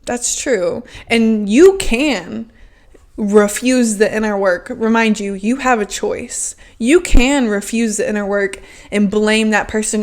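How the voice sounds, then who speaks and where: A woman's voice: medium pitch, slow. A woman hosting a podcast, talking frankly and emphatically in a casual self-help monologue, with lots of "like" fillers. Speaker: podcast host.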